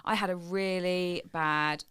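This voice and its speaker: A woman's voice: fairly low pitch, fairly even intonation, slow pace, fairly bright tone, clear, resonant tone, no echo. A woman co-hosting a casual podcast, telling a playful story in a chatty way. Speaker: podcast co-host. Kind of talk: casual chat.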